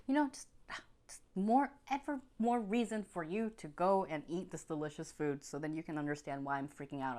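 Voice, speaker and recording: A young woman with a fairly low voice reviews food on camera in an easy, chatty way. She gushes over each bite and laughs as she goes, like a friendly food vlogger. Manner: chatty and effusive, laughing between bites. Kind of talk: casual mukbang food review.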